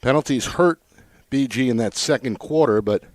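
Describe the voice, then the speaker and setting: A man calling a lacrosse game from the broadcast booth, recapping scores and plays in a brisk, measured manner. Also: medium pitch, no echo. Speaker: play-by-play announcer. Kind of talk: sports play-by-play commentary. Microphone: broadcast booth mic.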